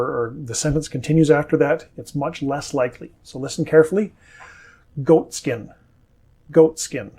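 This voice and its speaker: A man with a North American accent teaching English pronunciation, saying model words slowly and carefully. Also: fairly high pitch, vocal fry, darkish tone, husky. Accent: standard North American. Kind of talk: scripted pronunciation lesson.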